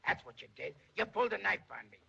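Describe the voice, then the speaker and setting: An actor playing a shrunken, boastful, self-pitying little man in a 1930s film comedy, with a gravelly, raspy voice and a theatrical manner full of grand words and wordplay. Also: high-pitched, very animated, fast, bright, forceful tone, heavily acted. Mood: pleading. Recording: dull lo-fi 1930s film soundtrack.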